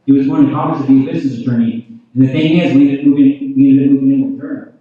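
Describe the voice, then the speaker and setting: A man's voice: medium pitch, steady tone, rapid-fire. A man preaching his testimony at a revival service. He keeps addressing the crowd and asking "you know what I mean?". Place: large church hall. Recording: tinny, very echoey hall from far off.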